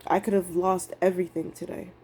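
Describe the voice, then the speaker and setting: A woman's voice: lowish voice, flat delivery, a little fast, mellow, a little hiss or hum. A young woman vlogging about her trading day, emotional and rambling, swearing casually as she talks. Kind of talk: candid emotional vlog monologue.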